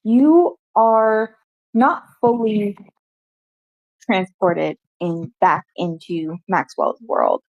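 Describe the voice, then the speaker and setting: A woman's voice: mid-range voice, very animated, extremely slow, no echo, muffled recording. A woman narrating as game master of a tabletop game, in a thoughtful, hedging way.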